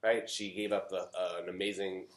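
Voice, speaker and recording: A man's voice: sits low, level tone, normal speed, noisy background. A middle-aged man from Canada, a rabbi giving an informal Torah talk, chatting with many fillers and joking asides. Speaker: rabbi teaching a class. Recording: roomy echo.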